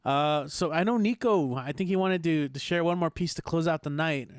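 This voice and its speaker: A man's voice: fairly high pitch, moderate pace, clear, resonant tone, dry recording, clean studio sound. A man hosting an online open mic over a video call, talking casually with restarts and fillers. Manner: relaxed, hesitant, friendly shout-outs.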